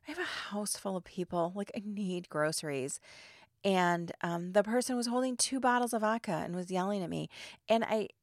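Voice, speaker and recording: A middle-aged woman tells stories on her podcast, animated and exasperated, leaning on "like" and "um". Her voice has a gravelly, fry-tinged texture. She is recorded close on a mic in a dry, dead room. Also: medium pitch, no room sound. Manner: animated, exasperated retelling with many fillers. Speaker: podcast host. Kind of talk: casual storytelling monologue.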